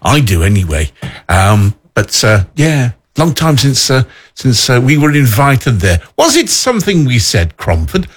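Husky, lively radio host. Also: male voice, mid-range voice, a little slow. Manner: rambling, self-deprecating asides. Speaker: local radio morning host. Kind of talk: casual radio chat.

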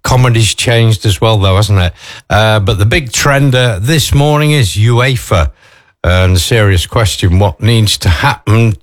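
A man's voice: lowish voice, dry recording, clean studio sound. A man talking casually to camera in a chatty, wry way, full of asides. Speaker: vlogger. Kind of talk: casual morning chat.

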